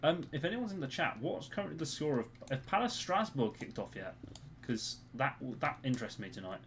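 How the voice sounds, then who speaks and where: British male streamer, lively up-and-down delivery, cursing at teammates, faint keyboard clatter behind. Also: medium pitch, a little fast, a little hiss or hum. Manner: swears and grumbles at teammates. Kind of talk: live gameplay commentary.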